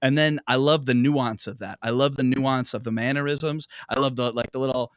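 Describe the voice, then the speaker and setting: A man's voice: medium pitch, fairly even intonation, normal speed, no echo. A man co-hosting a podcast who chats casually and enthusiastically, praising his guest. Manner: enthusiastic, complimenting. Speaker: podcast co-host.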